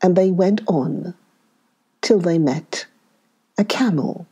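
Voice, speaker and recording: A woman tells a children's story very slowly and calmly, in a low, mellow voice. Her pacing is unhurried and measured. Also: husky.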